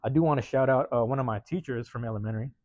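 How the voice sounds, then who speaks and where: A West Coast podcast host tells a casual story in a rapid-fire, mid-range voice, full of slang and profanity and constantly tacking on "man" and "bruh." He brings quoted neighbors to life with lively put-on voices. The close recording is dull and dry, with no room sound.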